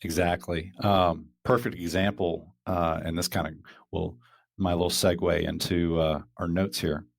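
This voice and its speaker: A man with a low, creaky voice speaks unhurriedly in a level tone. Hosting a casual podcast, he rambles with lots of fillers and false starts. The studio-quality audio has no echo.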